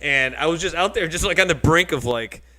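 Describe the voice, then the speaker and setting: A man's voice: a little high, brisk, bright, forceful tone, low-quality recording. A man hosting a casual podcast, telling rambling stories and laughing often. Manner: chatty rambling storyteller with frequent laughs. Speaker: podcast host.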